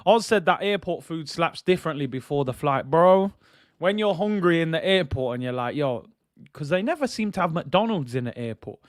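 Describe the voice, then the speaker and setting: Brief: man streaming a football watch-along, casual and slangy, slightly high voice, clear, dry close-mic sound. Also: expressive, brisk, no echo. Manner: chatty, slangy, reads out chat messages. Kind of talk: casual live commentary.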